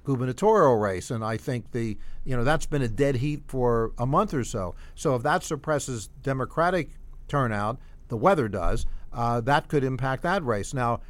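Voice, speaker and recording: A man's voice: medium pitch, animated, moderate pace, no room sound. A man guest explains things in a casual, talky way, often repeating himself before getting the point out. His voice sits in an ordinary middle range. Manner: explanatory, repeats words as he talks. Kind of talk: casual interview.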